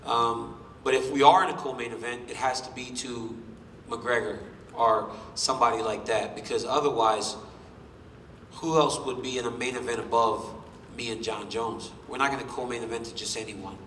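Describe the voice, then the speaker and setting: A man's voice: mid-range voice, fairly even intonation, normal speed, a bit bright, slight background noise. A man in his thirties answering questions at a press conference, boastful and joking as he trash-talks his rivals. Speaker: champion fighter at a press conference. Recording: roomy hall, voice from a distance.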